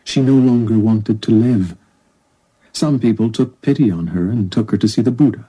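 A man narrating a story in a calm, measured audiobook reading. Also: on the low side, slightly rough, rough recording.

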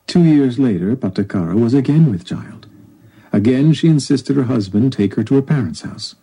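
A man narrating a story in a calm, measured audiobook reading. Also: mid-range voice, husky, low-quality recording.

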